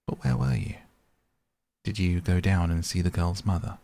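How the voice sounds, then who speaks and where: A man's voice: sits low, little pitch movement, normal speed, gravelly, warm tone. A man reading the part of an earnest, grieving male painter in a sleep story, speaking in a pleading, reproachful way. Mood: pained, reproachful.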